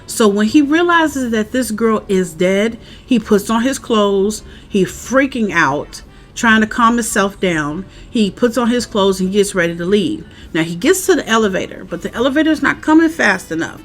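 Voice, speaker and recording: A woman's voice: medium pitch, normal speed, slight background noise. Chatty woman recapping a TV episode. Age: adult parent. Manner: chatty, animated, acts out characters' lines. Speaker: show recap vlogger. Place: outdoors, windy.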